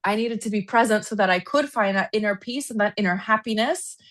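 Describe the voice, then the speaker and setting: A woman speaking as a podcast guest, recounting a personal story in an easy, conversational way. She is expressive and animated, leaning on "like" as she talks. Her voice sits in a middle register and the sound is close and dry, with no room around it. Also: a little fast, no echo. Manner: animated storyteller, frequent "like", rises in pitch when reliving anger. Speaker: podcast guest, equine therapist. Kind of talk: casual interview storytelling.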